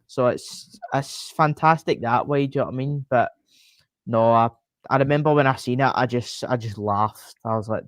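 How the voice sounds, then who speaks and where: A man with a Scottish accent in a casual podcast chat, animated and full of fillers like "uh" and "aye". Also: mid-range voice, normal speed, dry recording. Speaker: podcast co-host.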